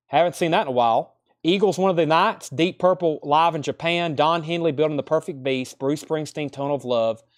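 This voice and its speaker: Hosting a live online record sale, a man with a voice on the high side rattles off album titles, condition grades and prices in brisk seller's patter.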